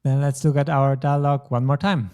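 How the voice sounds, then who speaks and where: A man's voice: medium pitch, steady tone, a little fast, darkish tone, clean tone. A man teaching a German lesson, explaining grammar patiently step by step. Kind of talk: language lesson.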